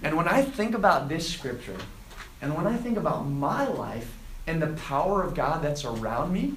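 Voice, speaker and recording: A man preaching to students, retelling a scripture story and acting out the quoted lines with lively emphasis. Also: a little high, moderate pace, echoey room, a little hiss or hum, poor audio. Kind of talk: sermon to a student group.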